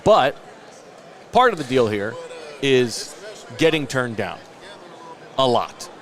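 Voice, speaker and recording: Male podcast host, late 30s, ordinary mid-range pitch, self-mocking rambling storyteller. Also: big pitch swings, takes it slowly, a bit bright. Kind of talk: casual chat.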